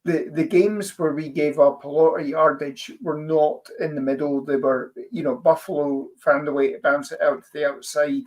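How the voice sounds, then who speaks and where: A man's voice: fairly high pitch, steady tone, normal speed, few pauses, darkish tone. A man on a casual fan podcast, thoughtfully analysing plays and breaking off mid-sentence. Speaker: podcast co-host. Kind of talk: casual football analysis chat.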